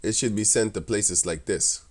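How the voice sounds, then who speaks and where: Speaking at a moderate pace in a fairly low voice, a man casually comments on scripture. He keeps laughing, mocks and scorns as he goes, and rambles with many restarts.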